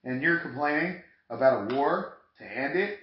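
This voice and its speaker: A man's voice: mid-range voice, moderate pace. Guy cussing and chatting on a podcast, voice jumps around a lot, echoey room. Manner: profane, animated, laid-back. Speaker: podcast co-host. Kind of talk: casual chat over drinks. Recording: roomy, dull lo-fi home recording.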